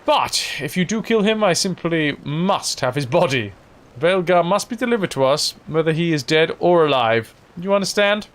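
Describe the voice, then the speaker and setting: A man voicing a stern, demanding hooded male wizard in a video game, speaking formally in a raised, lively voice. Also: on the high side, normal speed, lightly acted.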